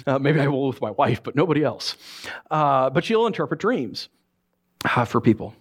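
A man, a pastor, preaching a sermon, reading scripture and acting out lively asides. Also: medium pitch, moderate pace, breathy edge. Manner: animated, acts out voices and asides.

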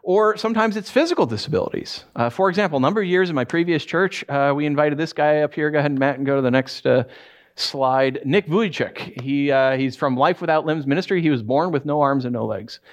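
A man preaching a sermon as pastor, conversational and animated, with many fillers and restarts and wry asides. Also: a little high, fairly quick. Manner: swings into acted quotes and wry humor.

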